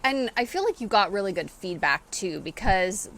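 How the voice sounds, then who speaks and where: A woman's voice: medium pitch, lively intonation, normal speed, a bit bright. A woman co-hosting a podcast, prompting her guest with friendly, conversational questions. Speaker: podcast co-host.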